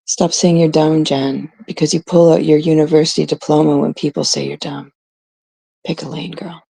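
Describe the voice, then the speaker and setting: A middle-aged woman from Canada hosting her own live stream, blunt and exasperated, swearing as she talks to her chat. Her voice is dark and gravelly. It sits in a dry, close sound. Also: sits low, level tone, normal speed, no echo. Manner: blunt, exasperated, swears freely, quotes others mockingly. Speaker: livestream host. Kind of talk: casual live-stream rant.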